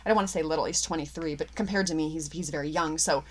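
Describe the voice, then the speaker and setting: Animated middle-aged actress, laughing often. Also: female voice, deep voice, racing. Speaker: actress guest. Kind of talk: casual interview chat.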